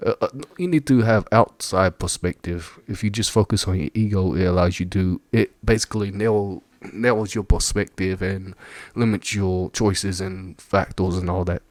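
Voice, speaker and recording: A man's voice: deep voice, fairly even intonation, moderate pace, hardly any pauses, no echo. A man giving casual, rambling reaction commentary, with lots of fillers and frequent laughter. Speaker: video reactor.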